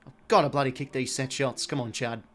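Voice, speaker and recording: An Australian man streaming a live football watch-along, calling the play casually, swearing often and shouting at the players. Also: medium pitch, fairly even intonation, a little fast.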